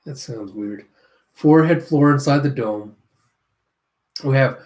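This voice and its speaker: A man's voice: medium pitch, darkish tone. A man reviewing a comic chapter in a casual read-through, narrating panels with off-hand, sardonic asides. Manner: narrates panels, slips into quick character voices. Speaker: manga reviewer.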